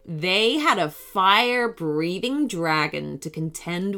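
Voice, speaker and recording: Animated woman reading a children's story. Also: mid-range voice, unhurried. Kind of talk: scripted children's story narration.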